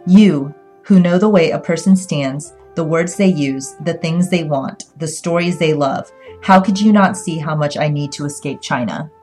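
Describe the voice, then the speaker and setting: A woman reading an audiobook, voicing a defiant young woman who speaks sharply and forcefully. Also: deep voice, fairly quick, soft background music, lightly acted. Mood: angry. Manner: sharp, forceful, rising with anger.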